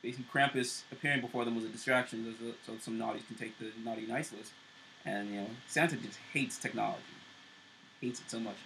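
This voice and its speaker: A man's voice: mid-range voice, fairly even intonation, fast, gravelly, noisy background. A man co-hosting a show, casually recapping TV episodes with loose fillers and restarts. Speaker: show co-host.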